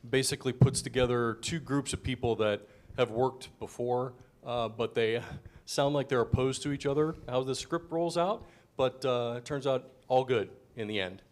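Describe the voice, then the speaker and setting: A man's voice: medium pitch, normal speed. A man speaking at a live event, explaining his script in a hesitant way with many fillers. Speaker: screenwriter.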